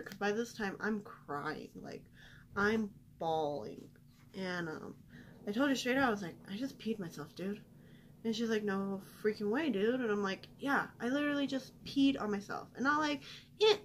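A woman's voice: mid-range voice, fairly bright tone, slight background noise. A young woman vlogger telling a personal story in casual chat, chatty and self-deprecating with lots of fillers.

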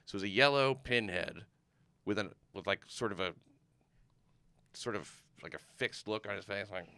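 Bright-voiced rambling storyteller man. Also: lowish voice, moderate pace, dry recording. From United States. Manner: rambling storyteller, trails off with fillers. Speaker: comedian guest. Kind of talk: casual chat.

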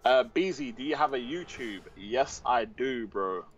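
A man with an expressive mid-range voice co-commentates a game livestream at a measured pace, easygoing as he reads viewers' chat aloud, banters and laughs often. The audio sounds dull.

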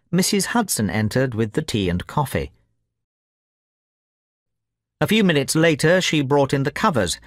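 A man narrating an audiobook in a clear, measured reading pace meant for language learners. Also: medium pitch, no echo, studio quality.

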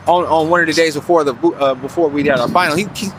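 A man's voice: on the high side, fairly even intonation, fast talker, a little hiss or hum. Profane, slangy man with a raised voice. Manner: profane, slangy, keeps asking "you feel me". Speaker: vlogger giving financial advice. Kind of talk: casual storytelling monologue.

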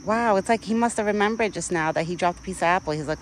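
A young woman vlogs on her phone camera outdoors in a rural yard, rambling casually and cooing baby talk at a deer. Her voice sits in the mid range and moves at a quick pace. The recording is low quality, with a little hiss or hum.

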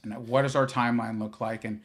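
A business founder from Iowa appears as a guest on a podcast interview, talking in a relaxed, rambling way full of fillers and restarts. He has a mid-range voice and speaks fairly quickly.

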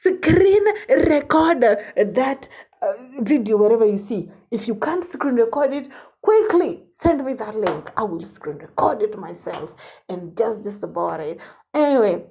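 A woman's voice: medium pitch, lively intonation, moderate pace, creaky, dark tone, slightly rough. A woman hosting a celebrity gossip vlog, sassy and teasing, often saying honey.

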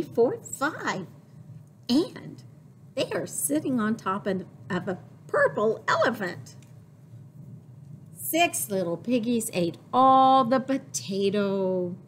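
Slow sing-song woman librarian with lively pitch. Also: a little hiss or hum. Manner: exaggerated, playful, with sudden high squeals and sound effects. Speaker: children's librarian leading baby storytime. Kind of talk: sing-song baby storytime with rhymes and picture book reading. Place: public library.

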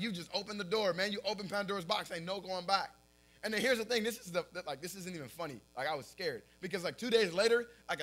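A young man preaching in a high, bright voice. He talks casually, with lots of fillers, and often breaks into laughter as he tells his stories. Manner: animated storytelling, often laughing at his own story; casual filler-heavy talk. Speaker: pastor. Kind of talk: sermon.

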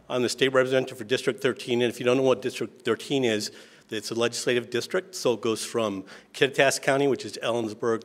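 A middle-aged man giving an informal speech as a state legislator, folksy and self-deprecating, telling stories about himself. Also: mid-range voice. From Eastern Washington, USA. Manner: folksy, self-deprecating, acts out family dialogue.

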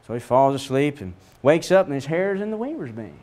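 A middle-aged man teaching a Bible lesson in a lively storytelling way, acting out the voices of the people in the story. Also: fairly quick. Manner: storytelling, acts out voices with big pitch swings.

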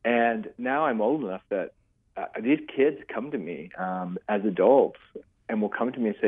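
An older man speaks low and a little husky, telling his stories earnestly and circling back on himself. His voice arrives thin and boxy, as over a phone call. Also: moderate pace. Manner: earnest, rambling storytelling with many restarts. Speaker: author and guest. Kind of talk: casual interview chat.

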